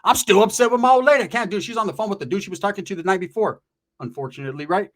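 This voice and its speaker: Man, high-pitched voice, middle-aged, profane streetwise storytelling, keeps adding "right?". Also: very fast. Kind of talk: casual storytelling.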